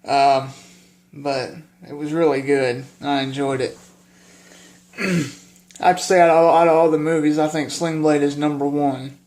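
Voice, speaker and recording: A man vlogging casually about his favorite film, halting with lots of filler pauses and plainspoken. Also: on the high side, fairly even intonation, a little mellow.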